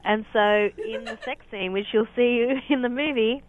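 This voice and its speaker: A woman's voice: on the high side, moderate pace. Joking woman on a tinny phone line. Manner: joking, laughs often. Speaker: guest actress on the phone. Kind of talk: casual phone interview. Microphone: telephone.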